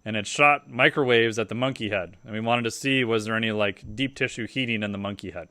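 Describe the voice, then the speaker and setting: A man's voice: on the low side, fairly quick, bright, forceful tone, dry recording. A man, a podcast guest, telling loose, profane stories in a casual interview.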